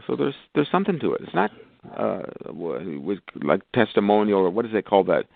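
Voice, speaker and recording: A man's voice: fairly low pitch, wildly swooping pitch, fairly quick, creaky, no echo. A male physician guest talking with enthusiasm on a phone interview, rambling through long lists. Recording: tinny phone line, dry.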